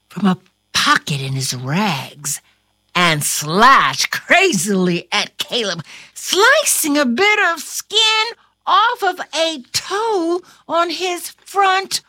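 Woman, storybook reading, high voice, slow and wildly expressive, theatrical whispers and cries. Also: no room sound. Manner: chatty asides to her listener.

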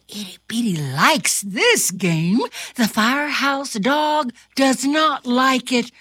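A woman reads a children's storybook aloud, her bright voice rising and falling in wide swoops. She takes her time over every line and adds gasps and little sound effects for fun. The recording is close and dry. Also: high voice, no echo. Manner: slow, sing-song and animated, with gasps and playful sound effects. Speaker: storybook reader. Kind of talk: children's picture book read-aloud.

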